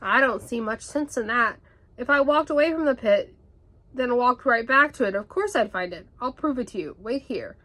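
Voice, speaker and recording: A fussy, bossy storybook rabbit, as a woman puts him on, prim and sure of himself. His voice is high and clipped for a bedtime read-aloud. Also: animated, normal speed, pushed and bright. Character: fussy, bossy male rabbit, easily scared.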